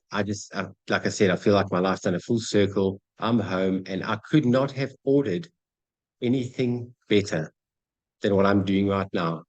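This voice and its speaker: In a low-quality recording, a motivational speaker with a voice on the low side talks about setting goals. He's energetic, speaks directly to the crowd as "guys," and acts out bits of dialogue in little scenes.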